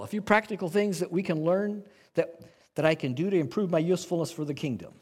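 Male church teacher, high and lively voice, earnest coaching tone, lots of questions to the room. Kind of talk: teaching talk to a congregation.

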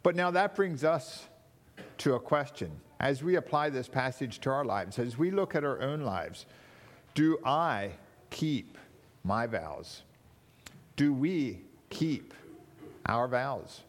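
A man preaching a sermon in a measured, teaching tone, slowing down to stress key words. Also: medium pitch, animated.

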